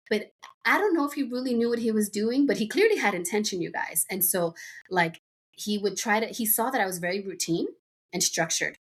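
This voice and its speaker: Husky-voiced woman telling rambling stories. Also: medium pitch, expressive, fairly quick. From United States. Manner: rambling storyteller with many fillers and asides. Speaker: guest. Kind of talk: casual chat.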